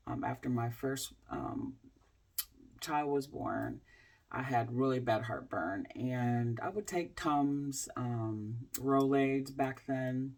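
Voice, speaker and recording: A woman in her forties, a health coach, telling a candid personal story to camera in a halting way, with many fillers and restarts. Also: very deep voice, a little mellow. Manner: candid, speaks in plain everyday terms.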